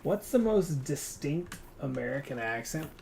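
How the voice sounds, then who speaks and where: A man's voice: a little high, sing-song, unhurried, vocal fry, a little mellow. Give me a chatty man hosting a game stream, joking and rambling, with a faint hiss behind him. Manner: rambling and teasing, with frequent fillers. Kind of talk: casual gaming stream chat.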